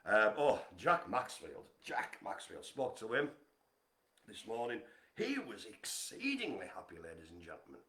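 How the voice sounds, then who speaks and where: A man hosting a casual live stream from home, chatty and teasing as he gives shout-outs. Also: fairly low pitch, sing-song, normal speed, echoey room. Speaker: livestream host. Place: home apartment.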